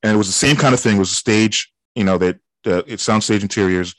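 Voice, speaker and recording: A man's voice: fairly low pitch, quick pace, fairly bright tone, no echo, rough recording. A man co-hosting a podcast, chatting about films in a laid-back, slangy way and laughing often. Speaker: podcast co-host. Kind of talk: casual film chat.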